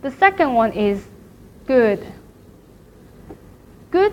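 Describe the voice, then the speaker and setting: Slow, high-voiced woman teaching pronunciation. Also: sing-song. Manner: slow, careful, repeats each syllable to demonstrate tones. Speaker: language teacher. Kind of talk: recorded lecture. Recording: dull lo-fi recording with faint noise.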